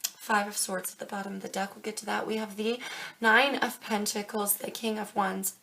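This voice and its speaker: A woman's voice: medium pitch, flat delivery, moderate pace, creaky, fairly bright tone, a little hiss or hum. Young woman reading tarot cards on camera, emphatic, swears a lot, mid-range voice. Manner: emphatic, swears freely, speaks directly to viewers. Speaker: tarot reader.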